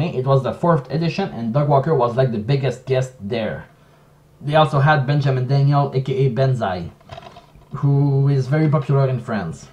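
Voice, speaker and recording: A man who speaks English as a second language, giving a casual commentary vlog in a halting, self-correcting way. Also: mid-range voice, a little mellow, lo-fi sound. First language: not English. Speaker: video essayist.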